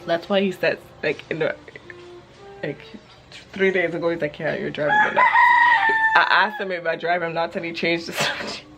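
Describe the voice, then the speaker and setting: A woman's voice: on the low side, fairly even intonation, over loud music. A woman in her thirties chatting casually for her vlog outdoors in a yard, rambling playfully from one thought to the next. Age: 30s. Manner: rambling, quick-thinking, playful. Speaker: vlogger. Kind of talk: casual chat.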